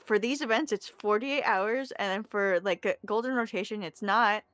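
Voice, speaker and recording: A woman's voice: mid-range voice, normal speed, a bit bright, dry recording. A woman playing a game with a streamer, chatting casually in a blunt, exasperated way with casual swearing. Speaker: co-player on a stream. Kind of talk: casual chat while gaming.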